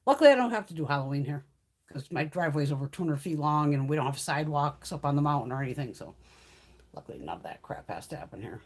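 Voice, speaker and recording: In a low, animated voice, a woman talks fast while hosting a beauty livestream from her home on a mountain. Her casual chat with viewers is blunt, full of swearing and frequent laughter.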